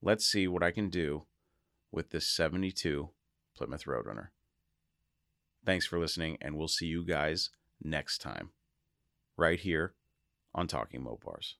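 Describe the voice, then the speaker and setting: A man hosting his own podcast, talking casually and excitedly to his listeners and often laughing. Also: extremely low pitch, unhurried, creaky, pauses often, dry recording, clean studio sound. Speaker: podcast host. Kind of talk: casual solo podcast monologue.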